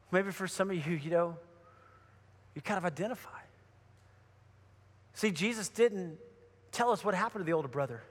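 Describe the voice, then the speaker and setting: A middle-aged male pastor preaching a sermon in a casual, animated storytelling way. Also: high-pitched, moderate pace, long pauses, long reverb tail.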